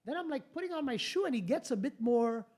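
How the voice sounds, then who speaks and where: With a very high-pitched voice and a fast way of talking, this male podcast host spins a casual, lively story, swearing often and restarting his sentences bluntly.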